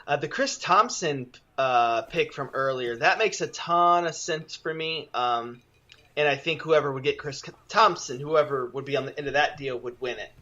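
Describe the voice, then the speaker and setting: A man co-hosting a casual fantasy football podcast, chatty and upbeat, quick to tease his partner. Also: mid-range voice, bright, forceful tone, dull audio. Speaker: podcast co-host.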